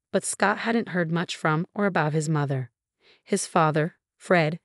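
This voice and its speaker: A woman in her thirties giving a steady, even first-person story narration. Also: lowish voice, no room sound, clean studio sound. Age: 30s.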